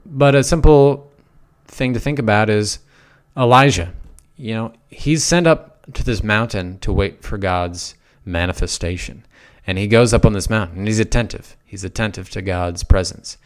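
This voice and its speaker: Folksy low-voiced man teaching on prayer. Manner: conversational, folksy, with emphatic repetitions. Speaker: preacher. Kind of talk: relaxed spiritual teaching talk.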